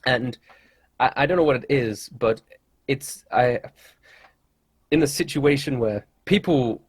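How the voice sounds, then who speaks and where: A man's voice: mid-range voice, measured pace, slightly rough, dry recording. A young man from England with an English accent, chatting as an interview guest in a laid-back, rambling way. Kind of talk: casual interview chat.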